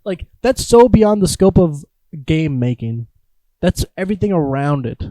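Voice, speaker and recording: A young man co-hosting a gaming podcast, chatting in an animated way. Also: a little high, normal speed, no echo. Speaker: podcast co-host. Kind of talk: casual chat.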